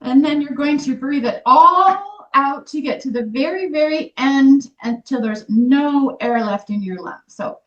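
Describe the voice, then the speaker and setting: A woman in her fifties leading a guided group workshop, speaking in a gentle, earnest way with frequent restarts. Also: sits high, expressive, unhurried, few pauses. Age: 50s. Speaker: energy healing workshop leader. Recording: dull lo-fi recording.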